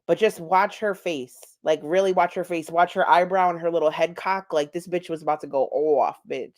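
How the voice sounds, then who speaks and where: A woman's voice: on the low side, moderate pace, a little mellow. Chatty, foul-mouthed woman commentator. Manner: chatty, profane, gossipy. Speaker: commentary YouTuber. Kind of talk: casual commentary over clips.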